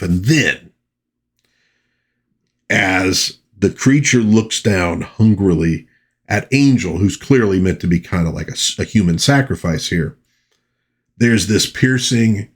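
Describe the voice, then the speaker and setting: A middle-aged man reviewing a film in an excited, casual way, full of slang as he recounts scenes. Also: low-pitched. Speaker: movie reviewer.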